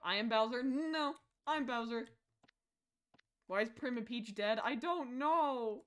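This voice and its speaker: A woman streaming a horror game live, excitable, shrieking and laughing at the game and chatting with viewers. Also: on the high side, slow, smooth.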